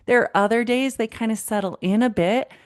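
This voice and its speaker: Her voice sits a little high and moves a little fast. A woman in her thirties, she's a counselor with a parenting podcast, talking in a warm, conversational, direct-address style, calling the listener "friend" as she retells what clients told her.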